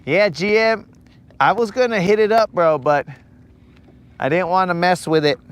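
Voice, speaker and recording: A man's voice: high voice, normal speed, clear, resonant tone. A man hosting a live fishing stream from a boat on a lake, chatting casually and slangily with viewers. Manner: laid-back, slangy, greets viewers from chat.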